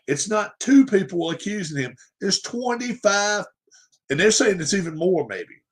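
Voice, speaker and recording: In an unhurried, high and expressive voice, a man hosting a sports livestream airs his opinions emphatically. He circles back to the same points and leans on rhetorical questions.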